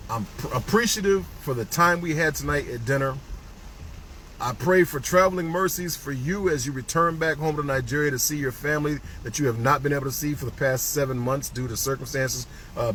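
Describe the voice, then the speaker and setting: Guy ranting while he drives, bright forceful voice, faint road hum behind him. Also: medium pitch, rough recording. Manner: fired up, ranting, swings between loud jabs and muttered asides. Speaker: executive director hosting a ride-along talk. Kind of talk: heated monologue recorded while driving. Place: inside a car. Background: faint vehicle noise.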